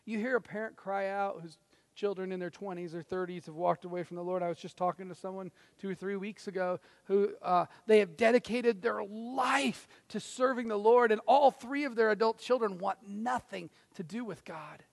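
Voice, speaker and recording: A man preaches in a high, gravelly voice that carries a long echo through a big hall. He swings from loud, pressing appeals down to near-hushed moments. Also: steady tone, moderate pace. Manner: dramatic, swings from loud to hushed, acts out quotes. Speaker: pastor. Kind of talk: sermon. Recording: reverberant hall.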